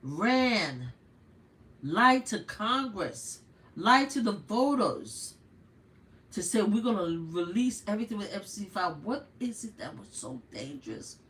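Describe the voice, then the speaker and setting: Older female live-stream host with a New York accent, blunt and animated, mid-range pitch. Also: unhurried. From United States. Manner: animated, blunt, rhetorical questions. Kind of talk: casual political commentary.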